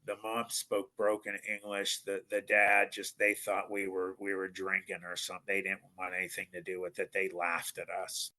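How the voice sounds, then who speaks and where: A man from northern Ohio, a podcast guest, telling a personal story in an animated way and acting out what other people said. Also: low-pitched, normal speed, hardly any pauses, rough recording. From northern Ohio, USA. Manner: animated, acts out other people's lines, frequent restarts.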